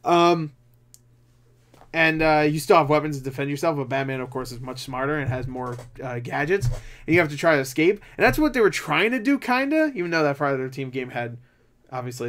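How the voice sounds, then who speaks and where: A man's voice: mid-range voice, expressive, a little fast, fairly bright tone. A tired young man grumbling and swearing as he talks casually while browsing game listings, with jokes at his own expense. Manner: profane, grumbling, frustrated, self-mocking. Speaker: gaming channel host.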